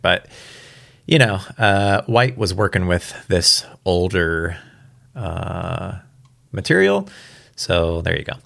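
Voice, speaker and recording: A man's voice: on the low side, creaky, a bit bright. A man casually talking about books to camera, rambling and chatty with amused asides. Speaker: book vlogger. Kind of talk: casual book talk.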